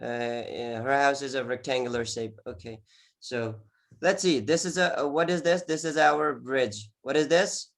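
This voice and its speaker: A man's voice: medium pitch, steady tone, moderate pace, gravelly, fairly bright tone. A man teaching an online English exam class, encouraging, repeating words often with many "okay"s. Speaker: IELTS teacher.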